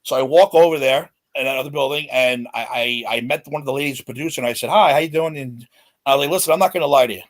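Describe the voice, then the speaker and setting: A man in his forties, a podcast guest, telling a celebrity story in an excited, animated way. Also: medium pitch, fast talker. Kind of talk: casual storytelling.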